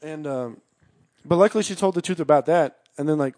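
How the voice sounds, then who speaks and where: A man telling a long story in casual chat, rambling, swearing constantly, and shouting out the lines of the people he quotes. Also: fairly high pitch, a little fast, no room sound, studio quality. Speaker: storyteller guest.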